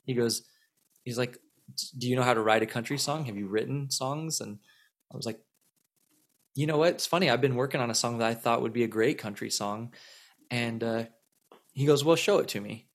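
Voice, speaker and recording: A man's voice: mid-range voice, brisk, long pauses. A man in his thirties, a musician guest in an interview, telling a long story in a casual, rambling way with many fillers and repeated words.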